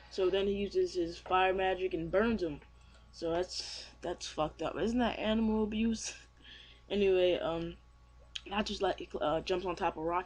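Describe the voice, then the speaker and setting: A man's voice: high-pitched, fairly even intonation, measured pace. A young man casually reviewing a manga chapter, rambling with many fillers and restarts. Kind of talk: casual chat.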